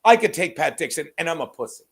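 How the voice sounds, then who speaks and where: A man's voice: a little high, big pitch swings, quick pace. A man co-hosting a podcast in casual chat, profane, rambling and self-mocking. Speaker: podcast co-host.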